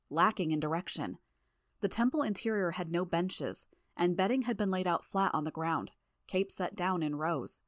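A woman narrating a first-person story for a fan audiobook in a steady, even way. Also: lowish voice, no echo, studio quality.

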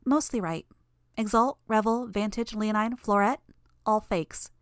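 A woman voicing a cocky young know-it-all in an audiobook, quick and knowing. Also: mid-range voice, no echo, clean studio sound, voice pushed up, close to an everyday voice. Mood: smug.

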